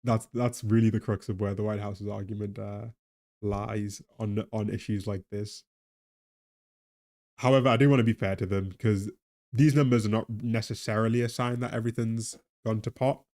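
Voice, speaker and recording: A man's voice: on the low side, steady tone, moderate pace, a little mellow. A tired man with a weak Geordie accent, chatting casually on a live stream, rambling and laughing about the economy. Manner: laughing, rambling, talks to chat and a pet.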